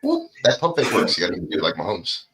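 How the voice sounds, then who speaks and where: A man's voice: sits low, huge pitch swings, fast talker, sharp tone, slight background noise. A man co-hosting a podcast, chatting casually and calling plays while watching a football game. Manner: play-by-play remarks, laughs often. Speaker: podcast co-host.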